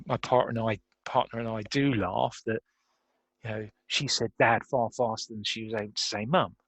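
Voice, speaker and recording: Male guest, mid-pitched, chatty, laughs a lot, dry sound. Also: creaky, no echo. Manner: laughs often while talking, reflective. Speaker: guest, career coach. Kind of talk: conversational podcast interview.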